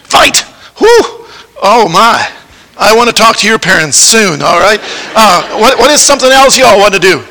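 A man's voice: high-pitched, lively intonation, a little fast, creaky, sharp tone, rough recording. A man giving a children's sermon in church, playfully coaxing the kids with questions. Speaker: preacher giving a children's lesson.

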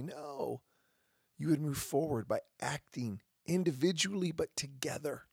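A gravelly, husky-voiced man hosting his own podcast, speaking with passion and slipping into sarcastic asides. The recording is dry and close, with no room sound. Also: fairly high pitch, moderate pace, a little mellow, dry recording. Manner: impassioned, with mocking asides. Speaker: podcast host. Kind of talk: opinion monologue.

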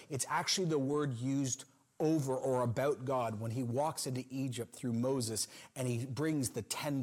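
A man preaching a sermon in an expressive style, acting out the people in the story with sudden swings in pitch and loudness. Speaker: pastor.

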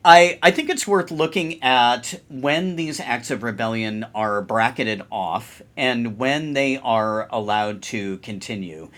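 A man's voice: mid-range voice, takes it slowly, few pauses, a bit bright. A man co-hosting a podcast and explaining ideas in a thoughtful, casual way. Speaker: podcast co-host. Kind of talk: casual chat.

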